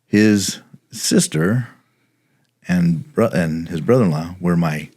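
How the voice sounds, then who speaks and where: This middle-aged retired homicide detective from the Los Angeles area speaks slowly in a low, husky voice. On a casual podcast he drifts through relaxed, rambling stories packed with fillers.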